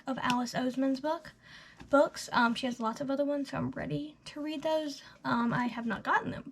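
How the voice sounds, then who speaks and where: An eighteen-year-old woman giving a casual, gushing book review, chatty and full of "literally" and "like", often trailing off into soft half-whispers. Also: sits high, fairly even intonation, normal speed, slight background noise. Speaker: book vlogger.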